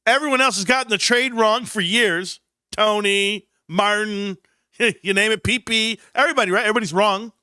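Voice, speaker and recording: A man hosting a casual stock-market livestream, rambling and joking, swinging from mock-proper musing to loud banter. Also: sits high, moderate pace, smooth, no echo, clean studio sound. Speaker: livestream host.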